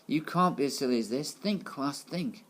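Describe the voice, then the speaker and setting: A man's voice: medium pitch, expressive, normal speed, a bit bright, voice pushed up. A man voicing an exasperated, theatrical male schoolteacher in a storybook reading. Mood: pleading. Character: fussy excitable male schoolteacher.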